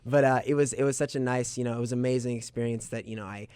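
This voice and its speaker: A young man in his twenties, guesting on a radio show and talking quickly. He tells a story with animated quotes. His voice sounds close and dry, recorded in a studio. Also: mid-range voice, clean tone, no room sound. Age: 20s. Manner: animated storyteller, quotes others in lively bursts. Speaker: singer-songwriter guest.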